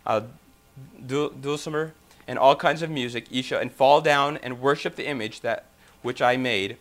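A man preaching a sermon who reads scripture aloud and then explains it in his own words, sometimes loud and animated. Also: medium pitch, normal speed.

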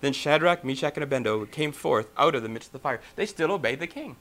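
Animated, bright-voiced male preacher. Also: on the high side, fast. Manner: reads scripture then explains it with acted-out quotes; loud and animated in places. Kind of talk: sermon.

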